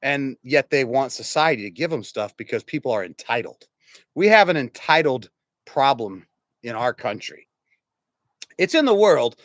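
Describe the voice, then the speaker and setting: A pastor around fifty preaching a sermon, telling stories in an animated, conversational way and chuckling as he goes. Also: mid-range voice, no room sound. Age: about 50. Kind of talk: storytelling sermon.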